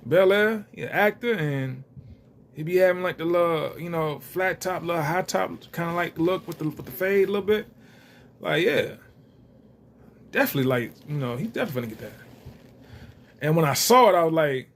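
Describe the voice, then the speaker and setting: A man's voice: on the high side, lively intonation, a little fast, long pauses, slight background noise. A young man giving rambling, casual commentary with loose slang and lots of fillers. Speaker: reality TV commentator.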